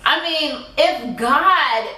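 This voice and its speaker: A woman talks straight to the camera in a personal vlog, emphatic and indignant, repeating phrases to drive her point home. Her voice is bright and sits a little high. The room around her is echoey. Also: expressive, drawn-out words. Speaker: vlogger.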